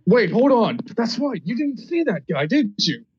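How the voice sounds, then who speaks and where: A man's voice: extremely high pitch, sing-song, normal speed, a little mellow, slightly rough, no room sound, pitched above the performer's own voice, heavily acted. A man voicing his brash, cursing young adventurer character in a tabletop role-play. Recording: dull, dry mic.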